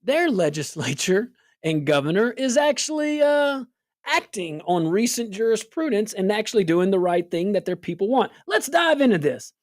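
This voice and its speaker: A woman's voice: mid-range voice, sing-song, moderate pace, dry recording, studio quality. A woman hosting a political talk show, sarcastic and full of rhetorical questions. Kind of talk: casual political commentary.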